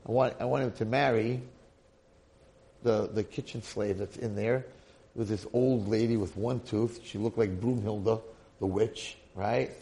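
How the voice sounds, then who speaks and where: A man's voice: fairly low pitch, fairly even intonation, unhurried, warm tone. A man voicing a spoiled, demanding rich boy. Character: spoiled jealous young prince's son.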